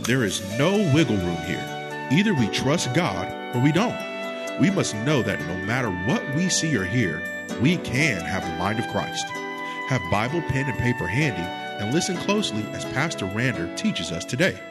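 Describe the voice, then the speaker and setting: A man with an animated, lively delivery reads an earnest, measured introduction to a sermon. Loud music plays behind him. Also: medium pitch. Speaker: radio announcer. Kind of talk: scripted introduction.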